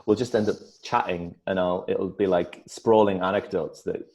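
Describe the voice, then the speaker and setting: A man with a very low voice and a northeast English accent talks casually as an actor being interviewed. He thinks aloud, circling back and restarting his sentences as he goes. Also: fairly even intonation, normal speed, darkish tone. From northeast England. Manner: thoughtful, rambling with restarts and acted-out quotes.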